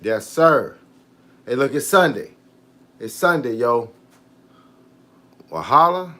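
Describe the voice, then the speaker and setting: A man's voice: mid-range voice, expressive, slow, pushed and bright. A fitness coach chatting casually on a live stream, often starting with "hey, look" and answering his viewers' comments. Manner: laid-back, repeats "hey, look" and reads out viewer comments. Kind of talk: casual livestream chat with viewers.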